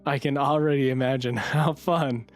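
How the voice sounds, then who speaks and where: A woman from the Midwest co-hosting a casual history podcast, reacting with quick jokey asides and questions. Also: a bass voice, steady tone, soft background music. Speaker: podcast co-host.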